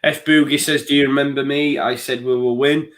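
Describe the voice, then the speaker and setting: A man's voice: medium pitch, flat delivery, brisk, a bit bright. Blunt, sweary man. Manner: blunt, swears a lot, laughs often. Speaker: co-host of a fan channel. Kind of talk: live stream chat.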